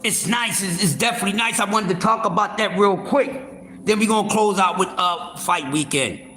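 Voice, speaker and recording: A man hosts a boxing livestream. His voice is high and bright, and he talks loudly and profanely, with many restarts. The room is echoey, with faint ambience behind him. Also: moderate pace, a little hiss or hum. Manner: loud, profane, animated, with repeated fillers and restarts. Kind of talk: casual boxing talk.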